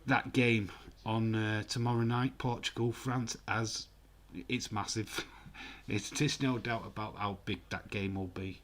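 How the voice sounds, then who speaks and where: A man giving casual, excitable live football commentary and reading out viewer comments. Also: fairly low pitch, unhurried, few pauses. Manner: chatty, excitable, reads viewer comments aloud. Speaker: host of a live football watch-along.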